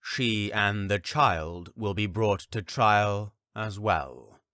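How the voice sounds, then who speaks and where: Brief: icy bureaucrat scholar, deliberate and low , narrated by a man. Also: sharp tone, dry recording. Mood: cold. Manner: slow, measured, officious. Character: cold stern male scholar official. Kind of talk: audiobook character voice.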